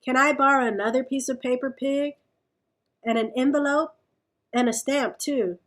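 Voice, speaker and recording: A woman reading a storybook aloud, voicing an eager, chatty young rabbit in a bright voice. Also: high voice, fairly even intonation, moderate pace.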